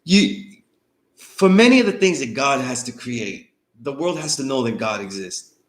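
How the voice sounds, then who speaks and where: Man, course instructor, online class lecture, conversational, medium pitch, echoey room. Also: lively intonation, moderate pace. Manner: conversational, loose, often asks "you know what I mean?".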